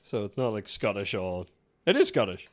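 A man's voice: lowish voice, very animated, normal speed. A man co-hosting a casual chat, teasing his friend and laughing often. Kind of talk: casual chat guessing game.

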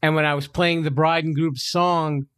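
Playful host, laughs a lot, quick questions, casual interview. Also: mid-range voice, level tone, a bit bright.

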